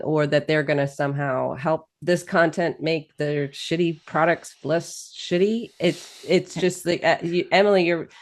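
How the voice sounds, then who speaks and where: Blunt gravelly woman host. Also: sits low. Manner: candid, blunt. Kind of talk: casual interview conversation.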